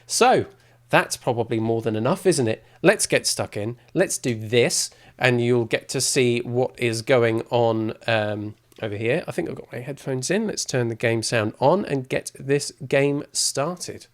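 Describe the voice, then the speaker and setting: A man's voice: mid-range voice, unhurried. A man giving casual, rambling gameplay commentary as a streamer, with self-mocking asides. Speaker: game streamer.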